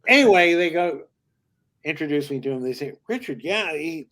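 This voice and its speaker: An older male comedian as a podcast guest, telling long showbiz stories in a lively way and slipping into character voices. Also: on the high side, normal speed. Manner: lively raconteur who slips into character voices. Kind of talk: anecdotal storytelling.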